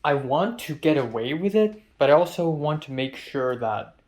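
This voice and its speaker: A man's voice: fairly high pitch, animated, normal speed, darkish tone. A young man talking casually to the camera in a diary-style vlog, rambling and off-hand, with lots of fillers. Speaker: vlogger.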